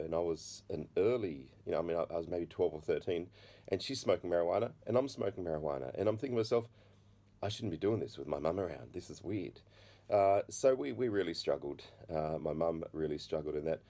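A middle-aged man sharing his personal testimony, halting with many restarts, and a slight cough. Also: sits low, warm tone. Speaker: speaker giving his testimony.

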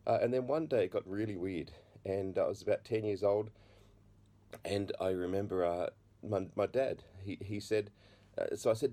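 Low-voiced man telling his life story. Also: warm tone. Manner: halting, many restarts and fillers. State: has a slight cough. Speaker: speaker giving his testimony. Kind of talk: personal testimony talk.

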